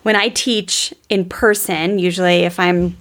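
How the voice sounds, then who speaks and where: A woman's voice: fairly low pitch, steady tone, a little slow, a bit bright. A woman hosting a parenting podcast in a casual, enthusiastic way, often speaking straight to her listeners. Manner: enthusiastic, chatty, addresses listeners as "you guys". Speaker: podcast host and parenting coach.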